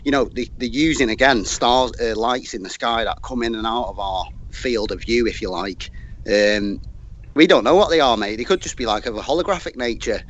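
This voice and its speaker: A man's voice: mid-range voice, brisk, highs cut off. A man chatting bluntly on an online panel, saying "mate" constantly. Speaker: panel guest. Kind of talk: casual online panel chat.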